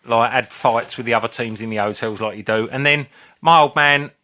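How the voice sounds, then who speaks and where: Bloke in his 50s, rambling sweary stories, bright sharp voice. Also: medium pitch, a little fast. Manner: rambling storyteller, swears freely. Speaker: podcast co-host. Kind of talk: casual chat.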